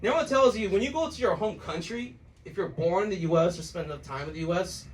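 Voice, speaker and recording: High-voiced man doing stand-up. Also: fast talker, far from the mic, poor audio. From United States. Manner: loose, laughing storytelling with mocking put-on quotes. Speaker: stand-up comedian. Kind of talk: stand-up comedy set. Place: comedy club stage.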